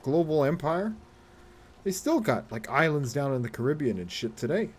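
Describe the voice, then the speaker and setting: A man's voice: fairly high pitch, lively intonation, moderate pace, breathy edge. A man chatting casually while live-streaming a game, rambling, swearing freely and laughing often as he talks to his viewers.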